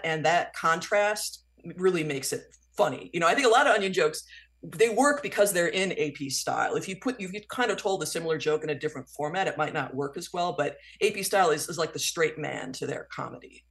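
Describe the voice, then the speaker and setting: Woman author on a radio show, chatty and animated, rambles a bit as she explains, studio mic. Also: lowish voice. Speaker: author and guest. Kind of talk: radio interview answers.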